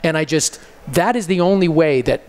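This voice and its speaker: A man's voice: a little high, normal speed, a little mellow, smooth. A man who directs commercials and runs a podcast, earnestly sharing his experience at a panel. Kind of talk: casual panel talk.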